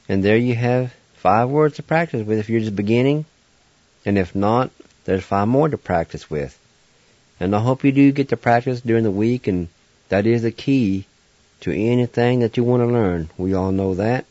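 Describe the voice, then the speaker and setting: Spelling words out letter by letter, a male radio host runs a slow, patient pronunciation drill and repeats each syllable methodically. His voice is lowish and darkish, delivered at a normal speed. The dry, dull lo-fi radio recording carries this language-vocabulary lesson.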